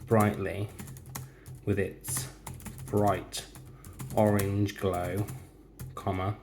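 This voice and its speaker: A man with a fairly low voice who teaches by dictating a story one careful word at a time, speaking every comma and full stop aloud. He talks slowly while typing at a keyboard. Faint noise sits under the recording. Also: flat delivery, a little mellow. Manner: slow, deliberate dictation, speaking punctuation aloud.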